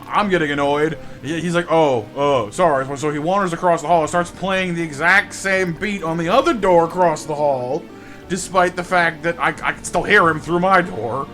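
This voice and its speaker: Bright-voiced chatty male streamer. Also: on the high side. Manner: chatty storyteller, repeats words when starting sentences. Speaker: live game streamer greeting chat. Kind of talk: casual live-stream chat.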